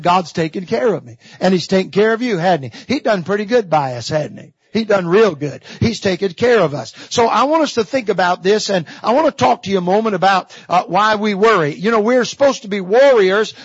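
A man's voice: sits high, expressive, a little fast, few pauses, husky, no echo, muffled recording. A middle-aged man preaching a sermon from a church pulpit, with folksy storytelling and emphatic repetition. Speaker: visiting evangelist preacher. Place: church sanctuary.

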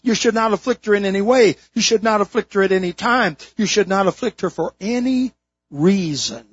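Male pastor, high pitched, dry close sound, emphatic sermon delivery. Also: slightly rough, no room sound. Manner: emphatic preaching, dwelling slowly on key words. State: throat strain, holding back tears. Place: church sanctuary, from the pulpit. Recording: dull lo-fi sermon recording.

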